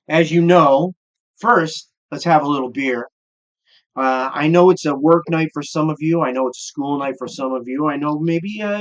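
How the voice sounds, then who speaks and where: A middle-aged man with a Midwestern American accent and a somewhat high voice hosts a laid-back cooking show, playing a gruff, foul-mouthed curmudgeon.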